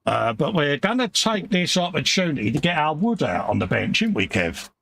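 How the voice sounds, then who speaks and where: British man, jokey livestream host, gravelly voice with a lively, bouncing pitch, chatting from a home workshop. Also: brisk. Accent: British English. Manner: jokey, chummy, reads viewer comments aloud. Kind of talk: casual chat.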